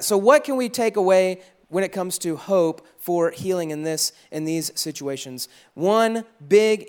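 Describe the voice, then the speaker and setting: A man preaching a casual, conversational sermon, animated and acting out crowd voices. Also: sits high, smooth. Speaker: pastor.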